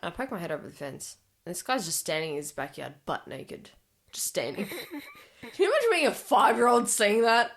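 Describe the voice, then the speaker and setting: A young adult Australian woman hosting a casual podcast chat, telling stories in an animated, chatty way with frequent laughter. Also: medium pitch, brisk. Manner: animated, chatty storyteller who laughs often.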